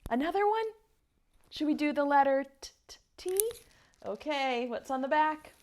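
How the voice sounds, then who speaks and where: A woman teaching an online preschool lesson to small children, speaking gently and encouragingly and singing slow children's songs. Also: sits high, lively intonation.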